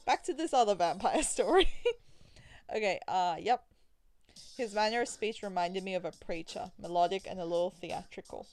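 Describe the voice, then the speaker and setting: A woman's voice: mid-range voice, normal speed, darkish tone. Chatty woman reading a game aloud. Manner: chatty, rambling asides, giggly. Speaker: let's play gamer. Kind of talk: reading a visual novel aloud with commentary.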